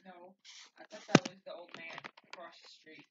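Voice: mid-range voice, flat delivery, moderate pace, heavy background noise, lightly acted. A performer voicing a cheeky old toad wizard with a Cockney accent, talking in a sarcastic, teasing way in a home-made comedy sketch. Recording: lo-fi home recording.

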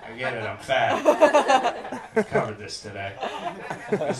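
Onstage at a comedy club, a young man with a lowish voice tells a story a little slowly, pausing often as he animatedly plays each character. A distant mic catches the echo of the room and the audience's loud laughter.

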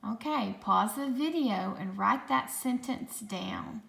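Woman teacher, patient phonics lesson for kids, higher voice with a gravelly edge, echoey room. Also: animated, a bit bright. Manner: slow, patient, sounds out dictation sentences word by word. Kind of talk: recorded phonics lesson for children.

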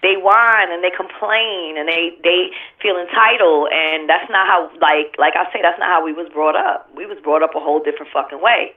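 Woman on the phone, sounds tinny, blunt and cussing a lot, animated story. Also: fairly low pitch, moderate pace, hardly any pauses. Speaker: interview guest. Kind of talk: candid interview talk.

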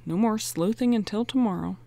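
A woman reading aloud, voicing a plump, sleepy, excitable teenage boy who is eager and quick to complain. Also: medium pitch, vocal fry, no room sound, pitched above the performer's own voice, natural voice. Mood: cheerful.

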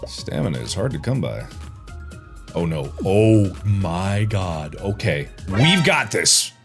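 A man in his thirties hosting a casual gameplay video, joking around and yelling at setbacks. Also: low-pitched, very animated, slow pace, vocal fry, music in the background. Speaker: gaming video host. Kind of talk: casual let's-play commentary.

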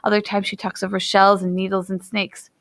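A woman's voice: medium pitch, completely flat delivery, fairly quick, gravelly, a bit bright, dry recording. Worried young villager, polite; a woman reader voicing him in a dry, close sound.

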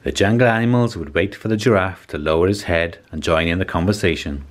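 A man with a deep, low voice reads a children's picture book aloud. His storytelling is calm and measured, with steady pacing suited to young listeners. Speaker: storybook reader.

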